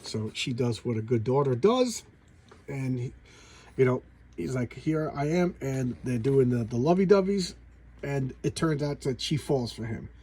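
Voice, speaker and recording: A man's voice: mid-range voice, expressive, unhurried, dark tone, breathy edge. A man casually recapping old horror comic stories, rambling and loosely acting out the lines he quotes. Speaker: comic book reviewer.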